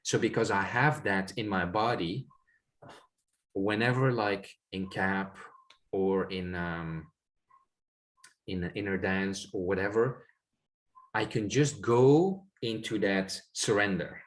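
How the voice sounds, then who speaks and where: Speaking slowly with long pauses, a low-voiced man shares a spiritual experience as a guest in a relaxed conversation. His account is reflective and meandering, packed with fillers and repetition.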